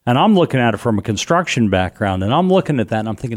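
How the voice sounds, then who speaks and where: A man speaks at an ordinary middle pitch, telling a first-person eyewitness story. He builds it vividly by repeating phrases. He delivers it as a guest in a conversation. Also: big pitch swings, fast, few pauses. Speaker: guest recounting a disaster.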